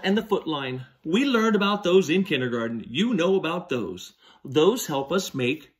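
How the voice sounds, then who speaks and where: A man leads a handwriting lesson for small children, speaking slowly and patiently. His voice sits a little high and swoops up and down in a lively, sing-song way as he talks them through each stroke. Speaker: teacher.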